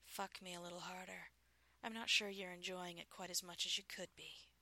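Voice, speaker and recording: A steady, coaxing man on a phone call, calm and in command, as a woman narrator puts him on. The voice sits low with a gravelly edge and a bright, forward tone. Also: moderate pace, no room sound.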